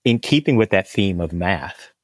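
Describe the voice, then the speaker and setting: A man hosting a podcast interview, asking measured questions and murmuring agreement. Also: low-pitched, animated, no echo. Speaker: podcast host.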